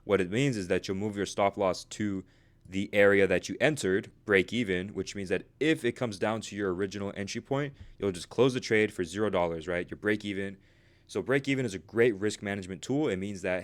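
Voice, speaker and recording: A man teaching a casual video lesson, chatty and a little out of breath, tagging nearly every point with "right?". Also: low-pitched. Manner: fast, chatty, says "right?" constantly. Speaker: trading instructor.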